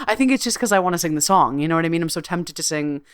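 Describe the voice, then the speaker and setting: A middle-aged woman speaks in a somewhat low voice, recorded close and dry. She hosts her own podcast and talks frankly, swears freely and hums between thoughts. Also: lively intonation, clean tone, dry recording. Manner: candid and swearing freely, with laughs and drawn-out hums. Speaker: podcast host and coach. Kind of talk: casual solo podcast monologue.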